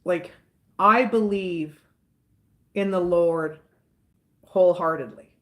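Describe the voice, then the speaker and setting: With a fairly low, slightly bright voice, a Southern woman from the US South talks slowly to her live viewers, answering chat as host. Her Southern accent carries casual, outspoken, rambling talk that often circles back and repeats itself.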